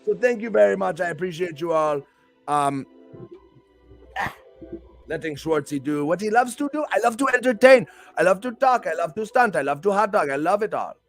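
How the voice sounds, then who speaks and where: A man's voice: sits high, animated, moderate pace, creaky, faint music behind. A male host and pro wrestler chatting on a live stream show in a hyped, rambling, playful way.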